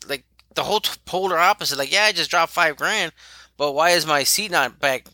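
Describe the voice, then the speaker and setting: A man's voice: a little high, brisk, sharp tone, dry recording. A man imitating a fussy, snooty wealthy woman who complains about her car in a whiny voice.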